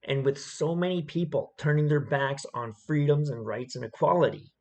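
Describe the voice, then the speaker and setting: A man's voice: on the high side, moderate pace, darkish tone. A man giving opinionated commentary on a video clip, emphatic and repetitive, often checking in with "okay?".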